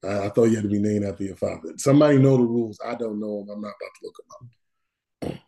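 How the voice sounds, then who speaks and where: A man co-hosting a podcast in casual chat, animated and slangy, laughing often. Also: lowish voice, quick pace, creaky. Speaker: podcast co-host.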